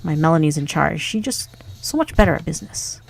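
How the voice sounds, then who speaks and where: A woman voicing a cheerful tavern keeper in a game, hearty and fond of puns, with a gravelly voice. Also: sits low, expressive, a little fast, exaggerated voice.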